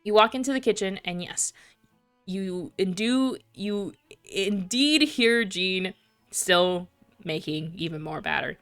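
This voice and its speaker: A woman's voice: mid-range voice, slow, a bit bright, no echo, soft background music. A woman streamer reading a story game aloud, with chatty, self-deprecating asides.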